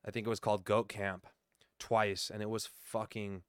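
A man's voice: lowish voice, little pitch movement, normal speed, clean tone, no room sound, clean studio sound. A man in his thirties telling loose, profane stories as a podcast guest in casual conversation. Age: 30s. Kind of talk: casual chat.

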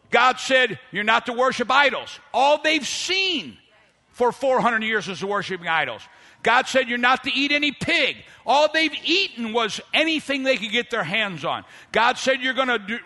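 Male pastor preaching; high, bright, animated voice with long hall reverb. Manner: animated preaching, pitch and volume swinging widely, voicing people in his story. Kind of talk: sermon. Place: church hall.

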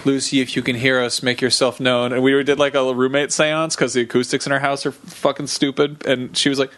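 A man's voice: medium pitch, little pitch movement, fairly quick, fairly bright tone, dry recording. A man co-hosting a podcast, telling loose, profane stories in casual banter. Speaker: podcast co-host.

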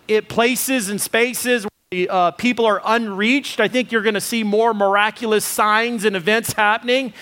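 A pastor delivers a sermon in a voice pitched high for a man. His talk is loose and conversational, full of ums, and it builds into emphatic repeated phrases. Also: sharp tone. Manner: conversational preaching with fillers, rising to emphatic lists.

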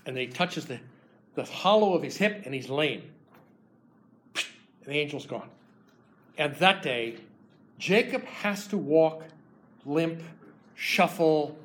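Male preacher, slightly higher voice, casual storytelling sermon, voices the characters. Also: expressive, slow, pauses often, a bit bright, rough recording. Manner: retells scripture casually, acting out voices with restarts.

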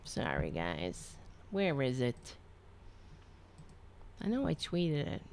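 A woman commenting on a video, sarcastic and swinging from loud rants to low muttering. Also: wildly swooping pitch, slow pace, vocal fry, slight background noise. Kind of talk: casual reaction commentary.

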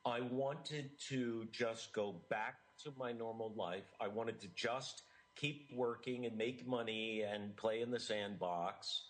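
A man's voice: medium pitch, fairly even intonation, slow pace, few pauses, rough recording. A middle-aged man, an interview guest, telling a personal story in an earnest, emotional way with frequent laughs.

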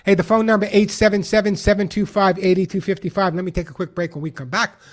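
Brief: lively New York-accented male radio host, slightly high voice, talks listeners through dog training. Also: fast talker. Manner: animated, acts out dog commands. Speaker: radio host and pet behaviorist. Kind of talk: call-in radio advice.

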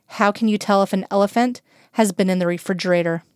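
A woman voicing a gentle, wry man who speaks quietly and softly to a child. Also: mid-range voice, fast talker, clear, resonant tone, no room sound, studio quality, natural voice.

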